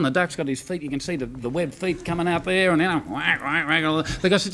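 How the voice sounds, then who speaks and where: A man's voice: on the high side, fast talker, few pauses, a bit bright. An Australian man telling a rambling joke in a TV studio, chuckling and laughing at his own jokes. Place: TV studio with audience.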